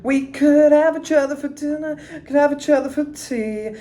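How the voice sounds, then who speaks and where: A man's voice: very high voice, moderate pace, mellow, pitched above the performer's own voice. A man doing a vocal impression of a British rock crooner, half singing and half talking in a loose, emotional way. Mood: dramatic crooning. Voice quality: sloppy, emotional, half-sung, half-talked. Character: high, breathy, dramatic male British rock crooner.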